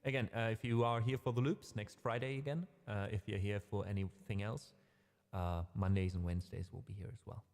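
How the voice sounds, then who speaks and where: Low-voiced man chatting on a livestream. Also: steady tone, brisk, a little mellow, in a large hall. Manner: rambling, self-correcting, friendly asides to chat. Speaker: livestream musician host. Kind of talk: casual livestream chat. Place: home streaming room.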